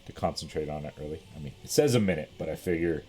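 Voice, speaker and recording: A man narrating as game master of a tabletop game in a relaxed, rambling way. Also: extremely low pitch, quick pace, slight background noise.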